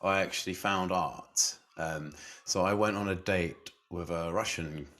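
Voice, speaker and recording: A man's voice: low-pitched, steady tone, a little slow, a bit bright. A man telling his story casually as a podcast guest, chatty and self-deprecating, laughing often and leaning on "you know".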